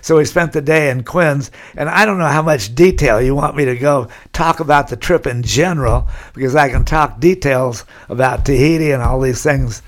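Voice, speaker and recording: He has a mid-range voice, keeps a moderate pace, and rarely pauses. The guest, an older Californian man, chuckles while spinning long, meandering anecdotes for an interview built around storytelling.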